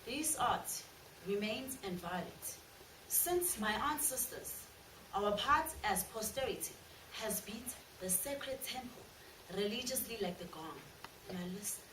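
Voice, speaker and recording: A drama student reciting a poem in a measured, rhythmic, declamatory way. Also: female voice, mid-range voice, animated, a bit bright. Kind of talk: poetry recitation. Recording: echoey room, from far off, noisy.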